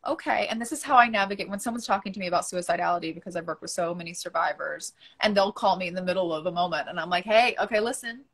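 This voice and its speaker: A woman's voice: on the low side, fast talker, few pauses, a bit bright. A woman in her thirties speaks on a video call, earnest and open as she tells a personal story. She moves through it with feeling and acts out quoted voices now and then. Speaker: guest, actress and mental health advocate. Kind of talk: candid emotional conversation.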